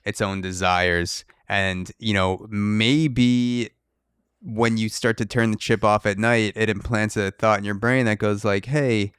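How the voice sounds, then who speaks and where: A man's voice: on the low side, level tone, unhurried, fairly bright tone, clear, resonant tone, no echo, clean studio sound. A young man hosting a podcast, rambling through jokey, speculative theories in casual chat. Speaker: podcast host.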